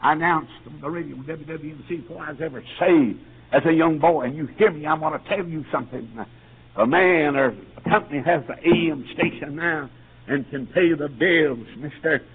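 A husky older man preaching a sermon, his voice pitched a little high. His cadence climbs into shouts, punctuated by a rhythmic "uh". The sound is thin and tinny, like an old radio broadcast. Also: a little fast.

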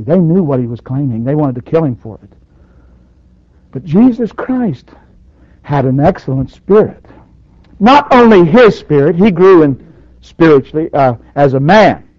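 A man preaching a sermon, surging loud on his points and dropping to near quiet, with dynamic swings in force. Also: on the high side, dry recording. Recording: dull dry lo-fi recording.

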